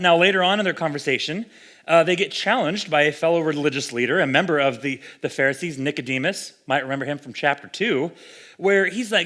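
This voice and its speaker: A young adult man preaching a sermon in a relaxed, conversational way, animated and acting out the voices he quotes. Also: fairly high pitch, brisk. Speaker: pastor.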